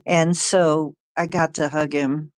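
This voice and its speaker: Slow-talking woman telling a personal story. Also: low voice, flat delivery, darkish tone. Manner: halting, repeats herself, sighs often. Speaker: channel host.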